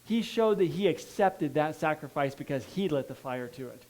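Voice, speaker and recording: A male pastor preaching a sermon, reading scripture and breaking in with asides, moving between hushed pleading and loud emphasis. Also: a little high, expressive, normal speed, low-quality recording. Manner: reads scripture then breaks in with asides and checks like "okay?".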